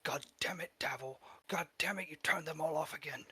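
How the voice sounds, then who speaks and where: A man voicing a flustered character who yells up a tower in exasperation, raised in pitch. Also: fairly quick, husky, dry recording, clean studio sound, heavily acted. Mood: exasperated. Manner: shouting, exasperated. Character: flustered man yelling about security.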